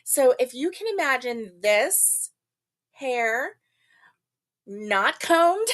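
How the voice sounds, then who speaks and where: A woman's voice: high-pitched, lively intonation, drawn-out words, fairly bright tone. An older woman hosting a casual live stream, chatting, laughing often and greeting viewers by name. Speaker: livestream host.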